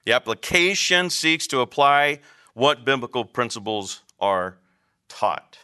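A man's voice: mid-range voice, sing-song, a little slow, sharp tone, smooth. A man teaching a class on biblical counseling, lecturing in an emphatic, conversational way and asking the room questions.

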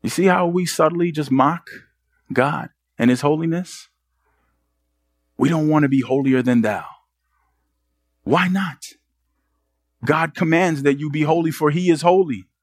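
A man's voice: fairly high pitch, normal speed, no echo, clean studio sound. Man preaching with pointed rhetorical questions. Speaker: pastor. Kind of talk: sermon.

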